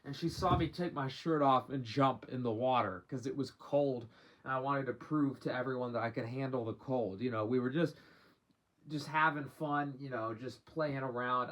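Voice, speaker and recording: A man's voice: medium pitch, steady tone, moderate pace, a bit bright. A young man telling a rambling, slang-heavy story from his own life in a casual storytime monologue, cursing freely as he goes. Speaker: vlogger.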